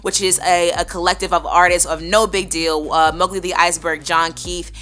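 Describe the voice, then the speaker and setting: Bright-voiced energetic woman radio host. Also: on the low side, normal speed. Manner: energetic, says "listen" often, gives shout-outs. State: voice still recovering. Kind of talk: casual radio chat.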